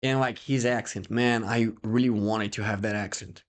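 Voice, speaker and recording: A man's voice: lowish voice, moderate pace. A young Brazilian man with a Brazilian Portuguese accent, a guest chatting casually in English and acting out voices in his stories. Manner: animated storyteller who acts out quoted voices. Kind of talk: casual interview chat in English.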